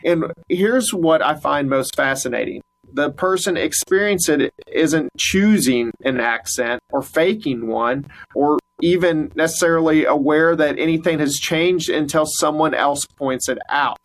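Man, doctor hosting health talk show, slightly higher voice, explanatory, uh fillers. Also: measured pace, low-quality recording.

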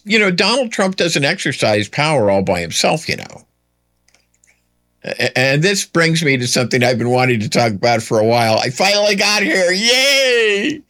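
A man's voice: mid-range voice, a bit bright. A man hosting a solo political commentary show, firing off emphatic rhetorical questions with sarcastic asides.

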